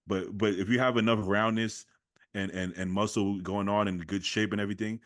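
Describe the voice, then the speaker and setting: A man's voice: lowish voice, fairly even intonation, brisk, no room sound, studio quality. A man co-hosting a podcast, talking things through casually and thinking aloud as he goes. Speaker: podcast co-host. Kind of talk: casual chat.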